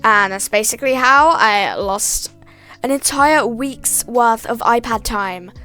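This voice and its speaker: A teenage girl chatting through a storytime vlog in a high, bouncy voice that swings all over the place. She piles on "like" and slips into little acted-out lines of dialogue. Faint music plays behind her. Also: expressive, takes it slowly, sharp tone. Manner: chatty, full of "like", acting out dialogue.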